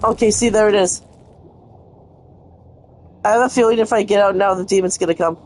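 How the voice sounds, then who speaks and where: A woman's voice: mid-range voice, steady tone, brisk, a little mellow, faint music behind. A young woman giving live gameplay commentary, frustrated and cursing at the game as she plays. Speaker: gaming streamer.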